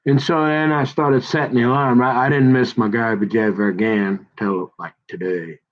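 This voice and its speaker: A man's voice: mid-range voice, steady tone, normal speed, lo-fi sound. A middle-aged man in a casual, rambling monologue, talking in a folksy way and often repeating words and restarting.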